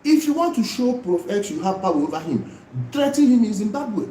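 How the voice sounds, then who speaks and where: A Nigerian man hosting a livestream, his voice pitched high and swinging up and down with animated, repetitive emphasis. His tone is dark and mellow. The room is echoey, with a faint hum of ambient noise behind him. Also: fairly quick. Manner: animated, repetitive and pleading, mixing in pidgin. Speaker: YouTube livestream host. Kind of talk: casual livestream commentary.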